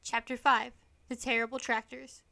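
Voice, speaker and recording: A woman reading a children's storybook aloud in an expressive, lively manner. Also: on the high side, normal speed, gravelly, very noisy. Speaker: storybook reader.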